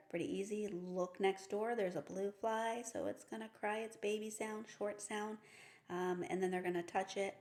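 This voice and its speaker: A woman's voice: medium pitch, a little mellow. A woman reading teacher showing step by step how to decode consonant blends, often checking in with "okay?". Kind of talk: instructional demonstration. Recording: echoey room.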